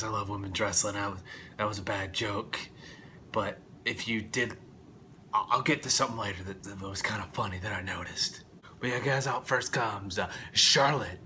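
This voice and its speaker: A young man rambling through a casual wrestling review, swearing often and breaking into loud outbursts. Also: mid-range voice, slight background noise.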